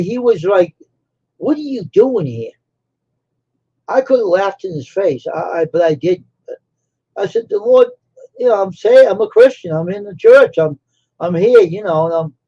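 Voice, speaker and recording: Guy on a stream telling a story, kinda high voice, repeats himself a lot, dull lo-fi sound. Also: a little mellow. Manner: rambling, repeats phrases for emphasis. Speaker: live stream host. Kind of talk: casual storytelling.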